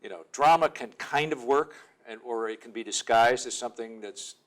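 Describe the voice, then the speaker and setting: A man being interviewed as an actor, talking in a low-key, thoughtful and self-deprecating way. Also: normal speed. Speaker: actor guest. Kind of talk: casual interview talk.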